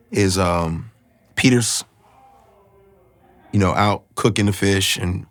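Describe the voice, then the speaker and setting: Man, low voice, earnest, confessional, personal testimony, pauses to find words. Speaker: speaker sharing a personal testimony. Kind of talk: personal faith testimony, candid storytelling.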